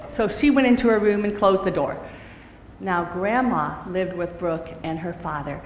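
A woman telling a children's story in a lively, expressive way. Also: on the low side, moderate pace, dull audio, slight background noise. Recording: echoey hall with faint ambience.

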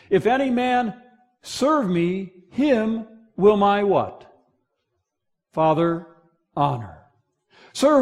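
A man preaching a sermon, swinging between loud emphasis and hushed moments, asking the congregation to finish verses. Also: high voice. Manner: asks the congregation to fill in verses. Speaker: pastor.

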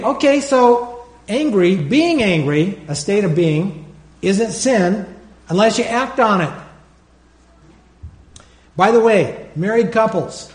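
Animated pastor preaching in an echoey church. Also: male voice, fairly high pitch. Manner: animated, acts out prayers and calls for congregation responses. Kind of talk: sermon.

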